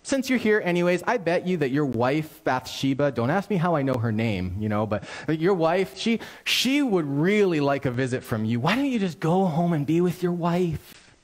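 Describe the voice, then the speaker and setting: Scheming king, high and breezy, falsely friendly; a preacher puts him on mid-sermon. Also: big pitch swings, normal speed, hardly any pauses. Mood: chummy. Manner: breezy, persuasive, overly casual.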